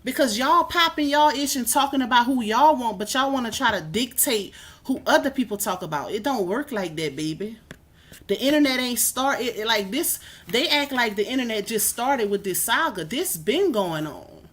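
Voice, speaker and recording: A woman hosting a casual livestream from her kitchen, talking to her viewers in a sassy, animated way. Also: a little high, moderate pace. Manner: sassy, animated, calls viewers "baby" and "y'all". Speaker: livestream host. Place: home kitchen.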